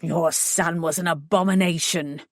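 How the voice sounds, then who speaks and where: Woman voicing a sneering old male vicar, low and dry. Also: steady tone, a little slow, no room sound. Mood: contemptuous. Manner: blustering, sneering, defensive. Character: spiteful older male retired vicar. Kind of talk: audiobook character voice.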